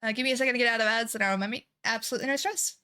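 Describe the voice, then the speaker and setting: Sleepy woman streamer, bright voice. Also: on the high side, very fast, clear, resonant tone. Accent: put-on Irish that slips into Southern US. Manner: rambling, sweary, giggly. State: sleepy and foggy on painkillers. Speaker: game streamer. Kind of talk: casual live-stream chat while gaming.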